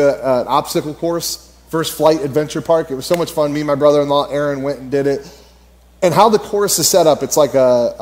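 A fairly high-voiced man speaking at church in a loose, storytelling way. He rambles, fills gaps with "uh" and "like," and breaks into laughter as he talks. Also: a little mellow. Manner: rambling, laughs often, many fillers. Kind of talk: casual storytelling sermon.

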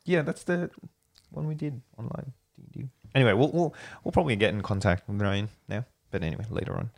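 A man hosting a casual chat, telling stories in an animated way and laughing often. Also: fast talker, creaky. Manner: animated storyteller, laughs often, jumps up in pitch when excited. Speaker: podcast host.

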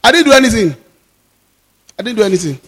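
A Nigerian man preaching a sermon as pastor, with fervent declarations that rise into shouts. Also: high voice, very animated, fast talker, slightly rough, big-room sound.

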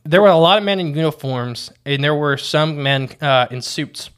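A man's voice: on the high side, moderate pace, a bit bright, clear, resonant tone. A man co-hosting a casual podcast, reading quotes from his notes and often restarting his sentences. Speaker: podcast co-host.

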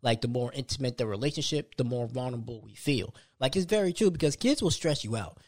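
A man's voice: mid-range voice, expressive, fast, a little mellow, no room sound, clean studio sound. A young man hosting a solo podcast, talking casually and conversationally, often restarting his sentences. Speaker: podcast host.

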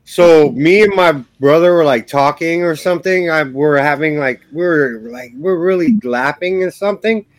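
A man's voice: fairly high pitch, moderate pace, few pauses, no room sound, low-quality recording. A man hosting a podcast, telling a bar story in a rambling, profane way full of "like" fillers. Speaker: podcast host. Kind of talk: casual storytelling.

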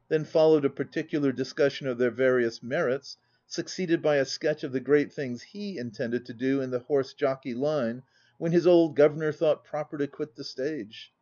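A man reading a classic novel aloud as an audiobook narrator, telling the story in a measured, even way. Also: fairly high pitch, dull audio. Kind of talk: scripted narration.

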